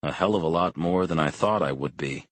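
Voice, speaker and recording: A man reading a thriller audiobook in calm, measured first-person narration. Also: sits low, no room sound. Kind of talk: scripted narration.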